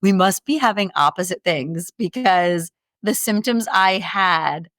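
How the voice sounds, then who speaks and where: A woman's voice: on the low side, measured pace, fairly bright tone, no echo, studio quality. A woman, a podcast co-host, recalling a shared trip in casual chat and quoting what others said.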